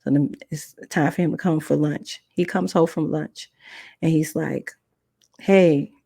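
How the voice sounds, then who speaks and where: A woman's voice: low-pitched, fairly even intonation, normal speed, gravelly, warm tone, husky, no room sound. A woman podcast host telling a personal testimony in an earnest, conversational way. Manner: earnest, conversational, retelling with quoted dialogue.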